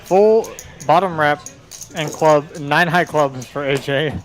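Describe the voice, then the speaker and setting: A man's voice: on the high side, slow pace. A man doing live poker commentary, chatty and joking as he calls the hands.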